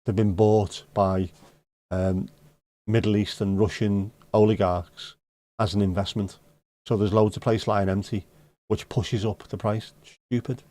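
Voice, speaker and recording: A man's voice: fairly low pitch, flat delivery, a little slow, dark tone, no echo. Joking middle-aged man, dry sound. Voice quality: joking, teasing banter. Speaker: livestream host. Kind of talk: casual chat reading out viewer comments.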